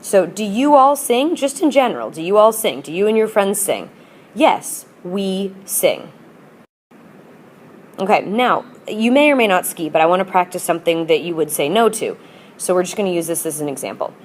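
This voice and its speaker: A woman's voice: medium pitch, expressive, moderate pace, a little hiss or hum. A woman teacher explaining grammar in a patient, upbeat lesson and modelling example phrases for students. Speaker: Spanish teacher. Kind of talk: recorded classroom lesson.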